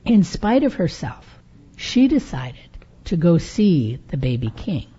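A woman telling a story aloud in a sermon, with a slow, dramatic, expressive delivery. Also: fairly low pitch, breathy edge. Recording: dull lo-fi recording.

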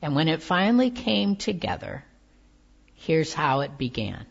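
Slow, soft-spoken woman preaching. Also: sits low, very animated, gravelly, breathy edge. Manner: slow, measured reading with soft tender emphasis. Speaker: pastor. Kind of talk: sermon. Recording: dull lo-fi sound.

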